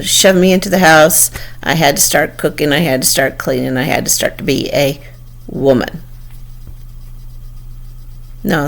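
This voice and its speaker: An older woman recounts a memory from her childhood in plain, conversational storytelling. Her voice is low and gravelly with a lot of fry, and she often breaks off mid-sentence to restart and to act out what people said. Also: a little hiss or hum. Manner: conversational, with frequent restarts and quoted dialogue. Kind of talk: personal storytelling.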